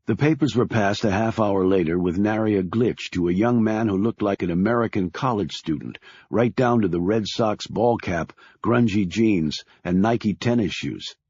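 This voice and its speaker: A man narrating a thriller audiobook in a measured storytelling way. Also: on the low side, a little mellow, breathy edge, no echo, highs cut off.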